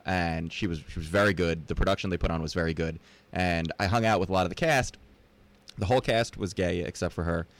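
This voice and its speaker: A man's voice: sits low, fairly quick. A man, a stand-up comedian guest, telling a story in a podcast studio and acting out the quotes. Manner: animated, acts out quotes. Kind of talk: casual storytelling. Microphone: studio mic.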